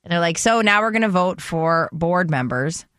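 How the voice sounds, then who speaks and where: A woman's voice: lowish voice, normal speed, clear, resonant tone, no echo, clean studio sound. A woman co-hosting a radio show, telling a story in casual chat and acting out the other voices in it. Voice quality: animated, acts out voices in her stories. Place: radio studio.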